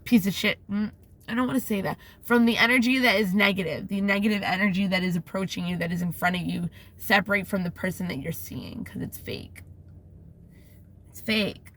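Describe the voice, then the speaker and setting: A woman's voice: mid-range voice, fairly even intonation, quick pace, fairly bright tone. A woman talking straight to camera in a rambling, profane monologue, often losing her thread and laughing at herself. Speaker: vlogger.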